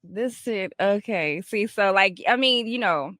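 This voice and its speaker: A woman's voice: mid-range voice, expressive, fairly bright tone, no echo. A woman and former exotic dancer who frankly steers a casual chat and draws out her points. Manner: frank, drawn-out, sets up topics.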